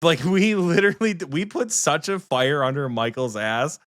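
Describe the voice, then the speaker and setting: A man co-hosting a podcast who tells a story in a casual, teasing, profane way, often speeding up into quick bursts. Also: fairly high pitch, a bit bright, no room sound, studio quality. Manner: rapid bursts of speech. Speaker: podcast co-host.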